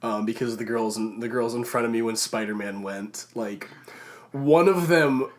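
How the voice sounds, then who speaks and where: A man co-hosting a relaxed podcast chat. He tells stories excitedly, rambling and doubling back over his words with lots of restarts. His voice sits in an ordinary middle pitch. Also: normal speed. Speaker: podcast co-host.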